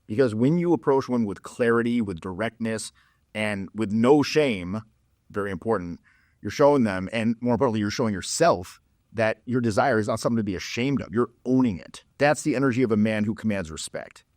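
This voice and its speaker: A man's voice: lowish voice, fairly quick, a little mellow, no echo, studio quality. A man coaching on dating in a blunt, profane, casual monologue, telling stories with laughs and mocking others in put-on voices.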